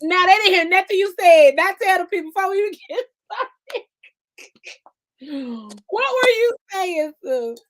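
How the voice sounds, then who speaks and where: A woman hosting her live-streamed podcast in a casual, chatty way, laughing often and swinging from loud bursts down to soft asides. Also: very high-pitched, animated, measured pace, pauses often. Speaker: podcast host.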